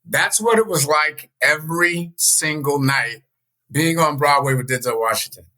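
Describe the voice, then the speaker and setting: A man guesting on an interview show as a speaker and coach, telling personal stories in a casual, animated way. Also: unhurried, poor audio. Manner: animated storyteller, jumps higher when quoting others.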